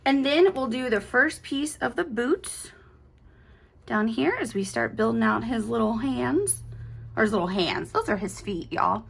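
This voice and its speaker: Young woman host, slightly high, upbeat and chatty tutorial delivery. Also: expressive, unhurried, gravelly, husky. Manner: upbeat, chatty, cutesy asides. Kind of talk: casual step-by-step tutorial.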